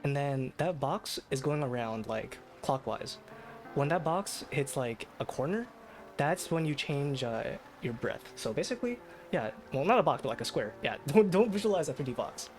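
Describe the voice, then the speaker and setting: A man's voice: mid-range voice, lively intonation, normal speed, a little mellow, faint music behind. A man streaming late at night, chatting casually in a rambling, self-deprecating way with lots of fillers and restarts. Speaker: VTuber streamer. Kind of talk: casual live-stream chat.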